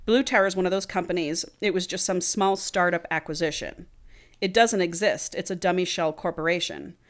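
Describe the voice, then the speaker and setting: A woman voicing a sharp, scheming young woman who lays out her plan in a brisk, matter-of-fact way. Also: on the low side, lightly acted. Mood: determined.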